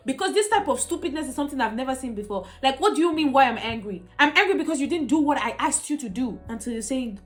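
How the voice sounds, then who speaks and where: A woman's voice: high-pitched, sing-song, fast, hardly any pauses. A young woman giving exasperated, ranting reaction commentary. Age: young adult. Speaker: reaction video host.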